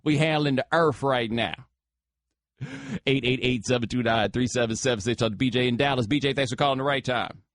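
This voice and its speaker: A man's voice: mid-range voice, brisk, no echo, studio quality. A man hosting a sports talk radio show, taking callers in a casual, slangy way. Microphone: studio microphone.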